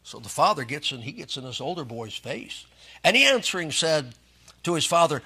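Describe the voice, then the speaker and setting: A man's voice: on the high side, sing-song, moderate pace, bright, forceful tone, breathy edge. A man preaching a sermon as pastor, reading scripture and joking in a folksy way.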